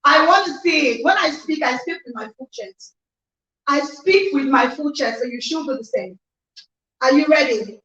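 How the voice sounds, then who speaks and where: A Nigerian woman hosts a motivational online conference with a high, bright voice, exuberant and emphatic as she repeats her phrases. Her sound is echoey and set back from the mic. The audio is dull and lo-fi. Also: animated, moderate pace. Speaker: host of an online conference livestream. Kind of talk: energetic motivational hosting. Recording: echoey distant lo-fi livestream audio.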